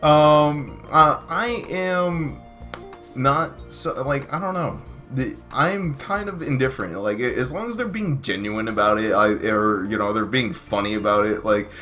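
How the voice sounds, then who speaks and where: A man's voice: medium pitch, a little slow, bright, forceful tone. Guy hosting a chill podcast, rambly, lots of ums, faint music under it. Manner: rambling, many fillers and restarts. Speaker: podcast host. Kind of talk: casual podcast chat.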